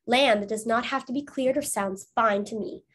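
A woman's voice: a little high, normal speed, a bit bright. A woman reading the part of a practical, matter-of-fact frontier farmer in a storybook. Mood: hopeful.

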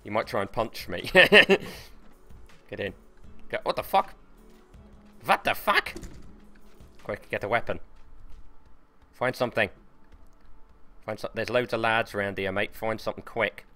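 A man livestreams a game in loose, excitable commentary, swearing freely and chatting to viewers. His voice is bright and forward, and faint music plays underneath. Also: fairly low pitch, measured pace, pauses often. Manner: excitable, sweary, talks to chat. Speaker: game streamer. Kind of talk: casual gameplay livestream commentary.

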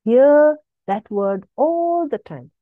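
Slow, animated woman preaching. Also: high voice, dry recording, phone-quality sound. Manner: emphatic, repetitive exhortation with sudden rises. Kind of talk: sermon.

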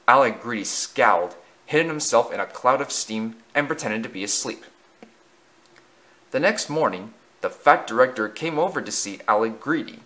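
A man narrating a children's railway story in a lively, expressive reading. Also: mid-range voice, normal speed.

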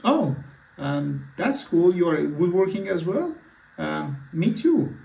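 A man's voice: high voice, big pitch swings, slow, vocal fry, warm tone. A man acting as a physician in a mock patient consultation, talking hesitantly with many fillers and restarts. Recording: echoey room, far from mic.

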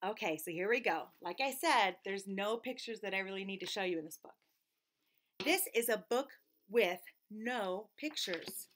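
A woman's voice: mid-range voice, animated, normal speed, a bit bright. A woman teacher reading a children's book aloud, playful, with exaggerated mock protests and silly sounds.

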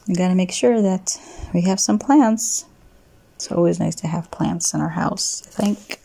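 A woman narrates her life-sim game casually as she builds and plays. Her voice is husky and mellow, with a gravelly texture. She speaks into a desk mic at home. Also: lowish voice, a little slow. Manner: chatty, narrating while building. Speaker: let's play host.

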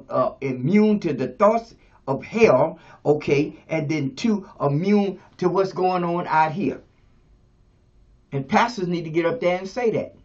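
A man in his seventies preaching a sermon as pastor, shifting between quiet talk and shouts. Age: 70s. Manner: preaching, swings from low to shouting. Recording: dull lo-fi radio sound.

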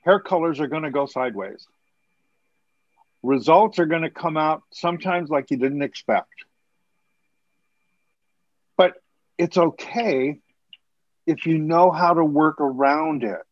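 A somewhat high-voiced man talks earnestly on a casual podcast, preaching his point and circling back with restarts. The audio is dull and lo-fi, with a dry, close sound and no room around it. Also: measured pace, long pauses, dry recording. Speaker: podcast co-host, hair color educator.

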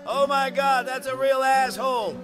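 Reacting to short videos, this man addresses his viewers in a very high-pitched voice, loud, excitable, and full of exclamations.

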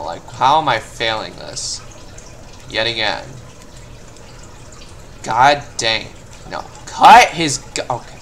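A man's voice: medium pitch, slight background noise. A young man commenting on his own gameplay, muttering to himself and breaking into frustrated outbursts. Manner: frustrated, swings from mumbling to yelling. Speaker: gameplay video host. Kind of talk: let's play commentary.

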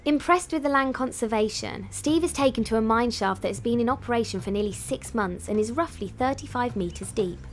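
A woman giving scripted documentary narration in an even, informative voice-over. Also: on the high side, brisk, few pauses. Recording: voice-over with music behind. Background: music.

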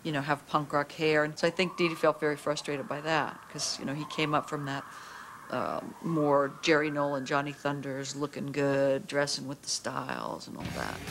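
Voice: mid-range voice, moderate pace, background noise. A speaker in a documentary interview, talking conversationally with many fillers. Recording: clear music underneath.

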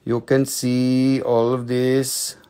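A man's voice: medium pitch, completely flat delivery, takes it slowly, mellow, smooth. A young man hosts a live mineral sales show, joking, teasing and swearing casually while slipping into silly put-on voices. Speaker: host selling minerals on a live stream.

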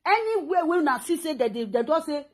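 A woman's voice: sits high, big pitch swings, quick pace, a little mellow. A Nigerian woman hosting her own talk show, delivering a scolding, insulting rant. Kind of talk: social media rant.

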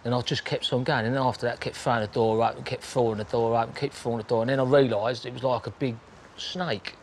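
Speaking plainly and with plenty of swearing, a man describes the crimes he committed, slipping into quick imitations of what others said. His gravelly voice is medium-pitched with a steady tone, and there's a little hiss or hum.

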